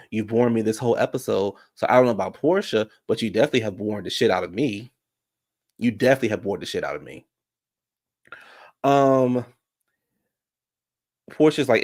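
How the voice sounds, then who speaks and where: A man's voice: mid-range voice, a little mellow. A man recapping a reality show in casual commentary, sassy and profane, talking straight to his viewers.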